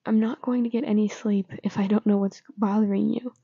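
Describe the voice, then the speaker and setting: A woman whispering as a gentle, caring teenage boy, whispered role-play. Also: medium pitch, fairly even intonation, fairly quick, vocal fry, slightly rough, dry recording, highs cut off. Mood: coaxing. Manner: soft, coaxing, whispering.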